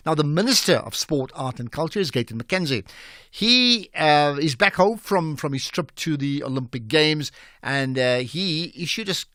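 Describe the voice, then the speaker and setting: A man's voice: medium pitch, a bit bright, no room sound, studio quality. A man hosting a radio talk show, talking in an emphatic, conversational way and repeating words as he thinks. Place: radio studio.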